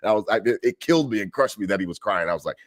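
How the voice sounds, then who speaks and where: A man with a low voice talks quickly and animatedly in a casual sports chat. He swears freely and acts out the other voices in his story. The sound is dry and close to the mic. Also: lively intonation, no echo. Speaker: podcast co-host.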